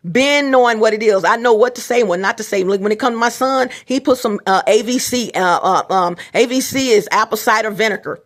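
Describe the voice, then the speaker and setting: A woman's voice: on the high side, fairly quick, few pauses. A middle-aged woman vlogging in a casual, rambling monologue, repeating herself and talking straight to her viewers. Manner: repetitive, restarts often, talks straight to viewers.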